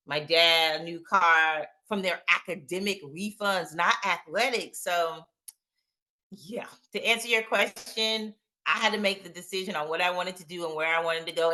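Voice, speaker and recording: A middle-aged woman telling her story as an interview guest, animated and acting out the voices she quotes. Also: fairly low pitch.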